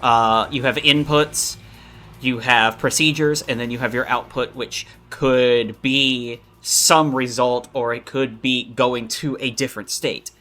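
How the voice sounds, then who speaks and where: Slow, bright-voiced male streamer. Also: mid-range voice, fairly even intonation. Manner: slow, explanatory, joking asides. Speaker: streamer and modder. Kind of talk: casual dev stream chat.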